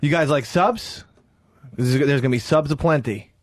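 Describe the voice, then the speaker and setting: A man co-hosting a talk radio show, playful and teasing, quick to giggle. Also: a little high, dry recording. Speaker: radio co-host. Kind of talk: casual talk radio banter. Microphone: studio microphone.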